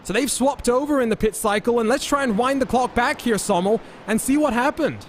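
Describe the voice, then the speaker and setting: A man calling live sim racing as lead commentator, with energetic play-by-play that he hands over to his co-commentators. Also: extremely high pitch, a little fast, slight background noise.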